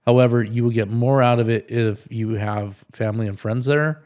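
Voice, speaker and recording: A man from New Mexico co-hosting a podcast in casual chat, thoughtful and halting, often restarting his sentences. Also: medium pitch, fairly even intonation, a little mellow, clean tone. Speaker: podcast co-host.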